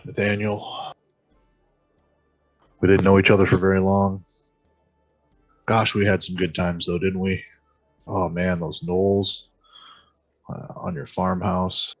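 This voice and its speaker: A man's voice: low voice, level tone, slow pace, pauses often, highs cut off, faint music behind. A man playing a tabletop game, reminiscing in a folksy, wistful way. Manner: folksy and reminiscing, with "gosh" and "yep". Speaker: player. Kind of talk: in-character eulogy, wistful.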